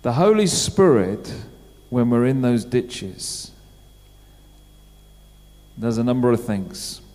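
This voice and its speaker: A man's voice: mid-range voice, very animated, takes it slowly, a little mellow. A middle-aged man preaching a sermon in church, talking in a conversational way and putting questions to the congregation. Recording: church hall with long reverb.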